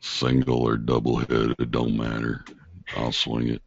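A man doing a slow, low Southern-drawled voice of a rural man fond of his axe, over dull lo-fi voice chat. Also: monotone, gravelly, husky, no echo, exaggerated voice. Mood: menacing.

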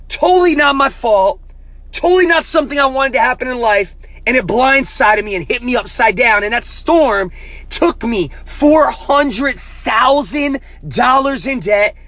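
A man hosting a motivational podcast as a life coach, talking in an emphatic, preacher-like way, often saying "man" and rising to near-shouting at the peaks. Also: very high voice, dry recording.

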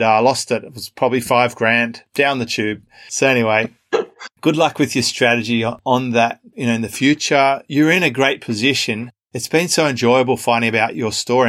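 A man's voice: medium pitch, fairly bright tone. A man hosting a podcast interview, asking questions and sharing his own anecdotes in a friendly way. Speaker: podcast host. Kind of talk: casual interview chat.

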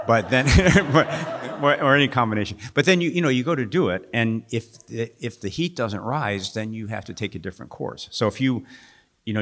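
Low-voiced male author, wry and chuckling, reads his fiction at a festival event. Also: a bit bright. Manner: wry, chuckling, with halting restarts when talking freely. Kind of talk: reading fiction aloud at a live festival event, then discussing. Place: festival stage.

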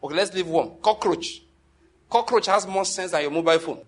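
A man with a notably high voice delivers a sermon, driving his points home by repeating them. He peppers the listener with rhetorical questions and swings between hushed and forceful delivery. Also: brisk. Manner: emphatic, repeats key phrases, asks the audience rhetorical questions; wide swings in loudness between calm and forceful. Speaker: preacher.

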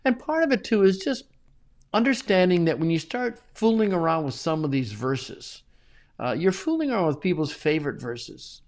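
A middle-aged man talking as a guest in a casual interview, animated and often chuckling, with frequent restarts. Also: a little high, moderate pace. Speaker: Bible translator guest.

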